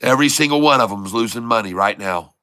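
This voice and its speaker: Bright, excitable male trading host. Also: medium pitch, fast talker, clear, resonant tone, no room sound. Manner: excitable, taunting short sellers, repeats prices. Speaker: stock trading channel host. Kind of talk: live market commentary.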